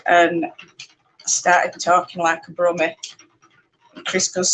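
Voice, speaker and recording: A woman with a Yorkshire accent chatting casually and rambling on a live stream, talking loudly over her spinning wheel and laughing often. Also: lowish voice, flat delivery, measured pace, long pauses, slight background noise, rough recording. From Yorkshire, England. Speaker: spinning channel host.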